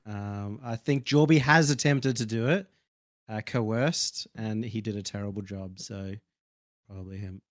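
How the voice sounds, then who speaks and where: A man's voice: fairly low pitch, measured pace, no echo, clean studio sound. A man with an Australian accent co-hosting a casual podcast, laid-back and wry. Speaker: podcast co-host.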